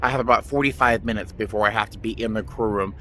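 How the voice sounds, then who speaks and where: A man chatting excitedly to his phone camera in a casual travel vlog, self-deprecating and talkative. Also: lowish voice, fast talker, slight background noise. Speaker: flight attendant vlogger.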